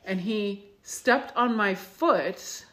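A woman's voice: medium pitch, drawn-out words, fairly bright tone. A woman co-hosting a podcast, telling a personal story in a rambling, reflective way with lots of fillers. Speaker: podcast co-host. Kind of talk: casual chat.

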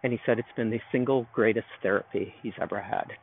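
Talking fast in a lowish voice, a male podcaster tells a rambling, reflective story by himself outdoors in a park. The recording is phone-like and narrow, with a bit of hiss or hum.

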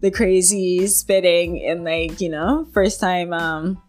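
A woman's voice: on the low side, steady tone, slow, darkish tone, soft background music. A woman guest on a podcast chatting casually, rambling and giggly, full of "like" and "you know". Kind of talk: casual chat. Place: indoors at a home.

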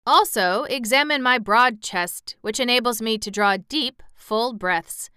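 A woman's voice: fairly high pitch, lively intonation, unhurried, bright, forceful tone, smooth, no room sound, studio quality, pitched above the performer's own voice. A woman voicing a proud, boastful male cab horse who talks down with pity. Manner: haughty, pitying.

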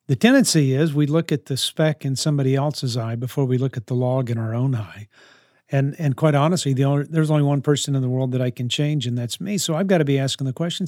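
A man's voice: fairly high pitch, fairly quick, a little mellow, dry recording, studio quality. A man answering parenting questions in an earnest, coaching way, often restarting his sentences. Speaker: parenting advice speaker.

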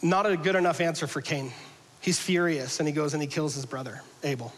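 A man preaching a conversational sermon to a congregation, joking casually and swinging between loud emphasis and hushed passages. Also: a little high, steady tone, brisk, big-room sound, low-quality recording. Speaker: pastor. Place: church hall with a congregation.

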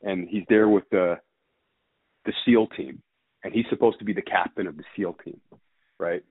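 A man's voice: deep voice, moderate pace, slightly rough, no room sound. A man casually telling a rambling story, swearing freely and stumbling over details. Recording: dry phone-like sound.

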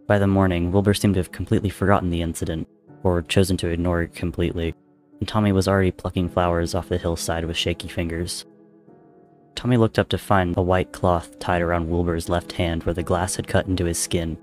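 Deep-voiced man reading a story. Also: flat delivery, fairly quick, a little mellow, faint music behind. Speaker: narrator. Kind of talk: reading fan fiction aloud.

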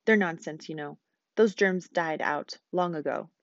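A woman's voice: low voice, measured pace, vocal fry, dry recording, muffled recording. A woman reading aloud, voicing a confident, dismissive young man in a storybook. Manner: assertive, dismissive. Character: boastful confident young man planning a trip.

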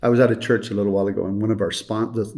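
A man's voice: lowish voice, level tone, rapid-fire, dark tone. An older man who directs a children's home, telling a heartfelt story in an interview with earnest repetition.

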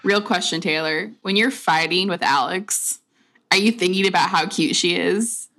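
A woman's voice: fairly low pitch, normal speed, fairly bright tone. Blunt, teasing woman podcast host. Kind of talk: casual chat.

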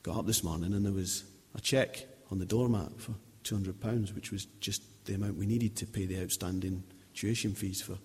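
A man's voice: sits low, fairly even intonation, fairly quick, few pauses, darkish tone, husky. A man in his thirties giving an informal sermon, chatty and anecdotal, often restarting his sentences. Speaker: lay preacher. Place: church. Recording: long reverb of a church hall.

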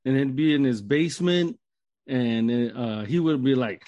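A man co-hosts a casual podcast, laid-back and liberal with slang and swearing. His voice is mid-pitched and sounds dry, with no room around it. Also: measured pace, darkish tone, no echo. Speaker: podcast co-host.

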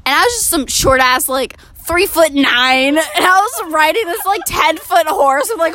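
Teen girl rambling w/ friends, high voice that bounces around a lot, swears a bunch. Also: normal speed, hardly any pauses. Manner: animated storytelling with swearing. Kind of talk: casual chat.

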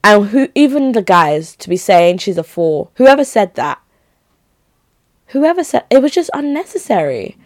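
A young woman hosting a solo podcast, chatty and opinionated, her pitch jumping high when she makes a point. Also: normal speed, dry recording. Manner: chatty, gossipy and opinionated, with lively pitch jumps. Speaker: podcast host. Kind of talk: casual solo podcast chat.

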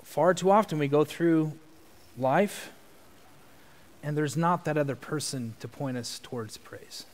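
A man preaching a sermon in an earnest tone, swelling into loud emphasis. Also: on the high side, unhurried. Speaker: pastor. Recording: long church reverb.

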